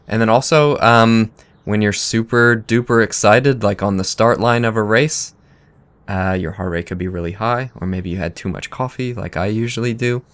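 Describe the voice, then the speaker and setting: Low-voiced man, dry joking podcast co-host. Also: normal speed, fairly bright tone, smooth. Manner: dry joking asides between plain explanations. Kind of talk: casual coaching chat.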